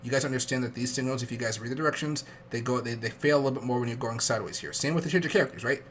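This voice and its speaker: Fast-talking young man hosting a trading stream. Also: mid-range voice, a little hiss or hum. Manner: fast rambling chatty, with fillers. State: sick, coughing. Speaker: trading livestream host. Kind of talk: casual livestream talk.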